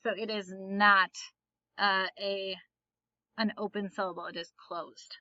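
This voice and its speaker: A woman's voice: medium pitch, fairly even intonation, a little slow, sharp tone, no room sound, dull audio. A woman teaching a phonics lesson, patiently asking questions and then answering them herself. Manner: patient, asks and answers her own questions.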